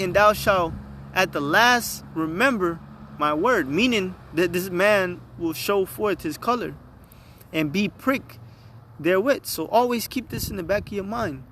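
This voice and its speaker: A man's voice: high voice, a bit bright, slight background noise. A man reading scripture and preaching with emphasis, often checking in with his listeners. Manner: emphatic, repeatedly asks "all right?". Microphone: phone.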